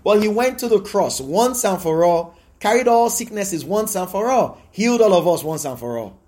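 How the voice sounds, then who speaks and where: A man with a notably high voice preaches a sermon to his congregation. He hammers his points home by repeating them, and his voice climbs into bursts of exclamation. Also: expressive, normal speed, darkish tone. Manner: emphatic, repetitive preaching with rising exclamations. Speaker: pastor.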